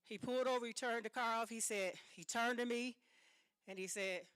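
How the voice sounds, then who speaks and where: A woman giving a speech as an author, telling a personal story in a dramatic, animated way with emphatic repetition. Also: fairly high pitch, normal speed, clear, resonant tone, no echo, studio quality. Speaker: speaker and author.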